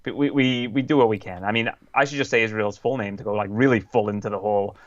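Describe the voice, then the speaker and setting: A man appearing as a podcast guest, chatting in an easygoing, measured way. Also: on the low side, lo-fi sound, over a noisy crowd. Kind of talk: casual podcast chat.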